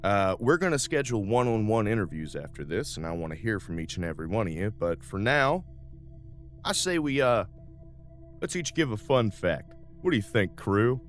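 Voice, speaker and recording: A man's voice: lowish voice, big pitch swings, normal speed, soft background music. A man voicing a folksy, easygoing older male starship captain in a tabletop game. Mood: chatty. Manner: folksy, drawling, uses ain't and y'all.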